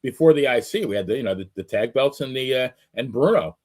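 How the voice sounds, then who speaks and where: A man's voice: medium pitch, lively intonation, fast, a little mellow. A man co-hosting a chat show, chiming in with hesitant remarks. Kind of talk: casual chat.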